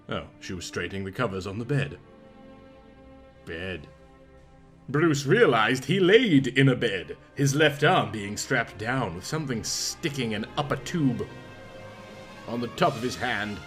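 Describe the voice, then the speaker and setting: A man reading a pulp story aloud in a lively, expressive narration. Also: mid-range voice. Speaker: story reader.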